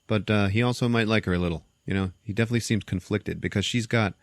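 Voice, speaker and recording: A man's voice: lowish voice, steady tone, quick pace, no echo, studio quality. A man hosting a podcast, retelling a film's plot casually with lots of laughter and acted-out quotes. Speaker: podcast host. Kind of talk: casual film recap.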